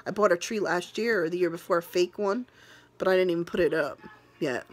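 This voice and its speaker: A woman's voice: on the low side, brisk. A woman vlogger from New England speaks straight to her viewers, close to tears. Her talk is earnest and rambling, full of restarts and heartfelt asides. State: emotional, near tears. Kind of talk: emotional personal vlog.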